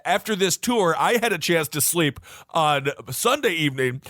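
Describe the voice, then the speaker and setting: A man co-hosting a podcast in casual chat, upbeat and animated, laughing often. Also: a little high, normal speed, no echo, studio quality. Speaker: podcast co-host.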